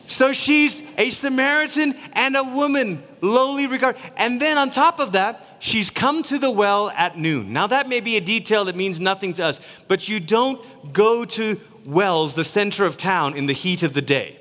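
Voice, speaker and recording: A man from Malaysia preaching a sermon in a lively, conversational way, acting out quotes as he goes. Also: sits high, moderate pace, few pauses, long reverb tail. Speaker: pastor.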